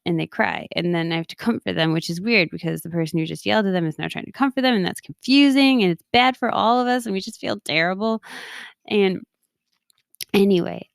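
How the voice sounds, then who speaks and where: A woman's voice: mid-range voice, gravelly, no echo, clean studio sound. A woman in her thirties, a podcast host and coach, talking casually and often laughing at herself. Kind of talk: casual personal talk.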